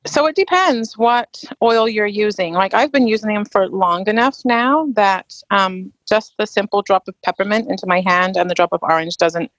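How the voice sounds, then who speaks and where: A woman with an East Anglian English accent answers questions in a relaxed, rambling way, full of ums and restarts. Her voice sits in a middle register. It is recorded close and dry, with no room sound. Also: mid-range voice, moderate pace, hardly any pauses, no room sound, lo-fi sound. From England. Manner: chatty, with frequent ums and restarts. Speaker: host. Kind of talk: casual live Q&A chat.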